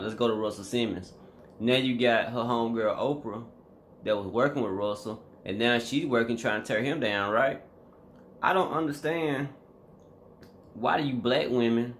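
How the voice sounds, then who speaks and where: A man's voice: fairly low pitch, a bit bright, slight background noise. A man vlogging a casual reaction commentary, emphatic and slangy, talking straight to his viewers.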